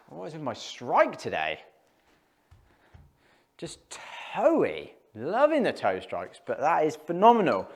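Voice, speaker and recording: A man's voice: a little high, huge pitch swings, normal speed. A man talking casually between shots as he tests golf clubs in an indoor studio, thinking aloud and reacting to each hit. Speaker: golf club tester. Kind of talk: casual hitting commentary.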